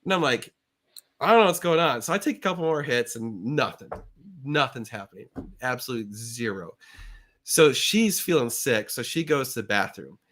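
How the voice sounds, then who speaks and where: A middle-aged man hosting a live show, telling an animated story and acting out the voices in it with big jumps in pitch. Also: moderate pace. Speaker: show host.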